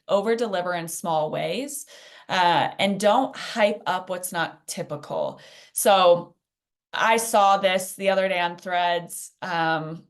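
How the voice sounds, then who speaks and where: Lady teaching a workshop, kinda low voice, super chatty, lots of likes and ums. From Phoenix. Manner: chatty, conversational with many fillers. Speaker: workshop presenter. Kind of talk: casual teaching in a live workshop.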